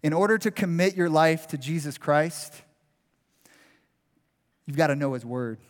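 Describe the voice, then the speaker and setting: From the pulpit of a large church sanctuary, a pastor delivers an unhurried sermon, animatedly acting out what a crowd would shout at the players. His voice is somewhat high for a man, and the room leaves a long reverb on every word.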